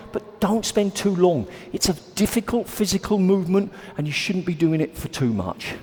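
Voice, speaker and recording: A man's voice: sits high, a little mellow, big-room sound. A man coaching squash on court, explaining and demonstrating shots in a chatty, self-deprecating way. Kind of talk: on-court instructional video.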